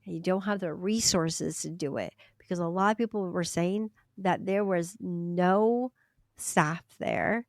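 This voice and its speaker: Animated woman podcast co-host, dry sound. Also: measured pace, dry recording. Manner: animated, acts out quoted people with sudden high-pitched voices; hedges with repeated "allegedly". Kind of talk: casual chat.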